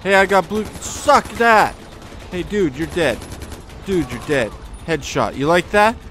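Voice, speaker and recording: A man doing let's play commentary in a goofy, joking way, often yelling at enemies. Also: fairly high pitch, lively intonation, measured pace, slight background noise. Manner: goofy, jokey, yells at enemies. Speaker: gaming video host.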